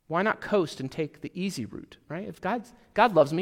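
Higher-voiced male pastor in a reverberant hall. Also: moderate pace, few pauses. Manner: conversational, with asides and self-deprecating humor; drops to a near whisper for emphasis. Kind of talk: sermon. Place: church sanctuary.

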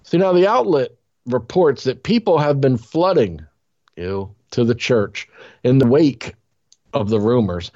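Man, podcast co-host, jokey news reading, animated pitch, lo-fi dull sound. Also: unhurried. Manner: reads quotes in put-on voices, jokey. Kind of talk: casual comedic chat.

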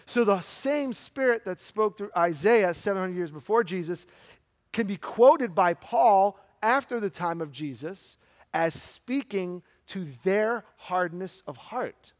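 Pastor preaching, chatty, lots of questions, slows down to hit points, reverby church sound. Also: male voice, high voice, lively intonation. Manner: conversational, rhetorical questions, slows for emphasis. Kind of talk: sermon. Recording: long hall reverb.

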